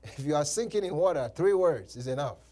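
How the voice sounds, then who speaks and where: A man's voice: fairly high pitch, expressive, a little fast, dark tone. A male pastor preaching a sermon, repeating phrases and laughing between points. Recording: live church service.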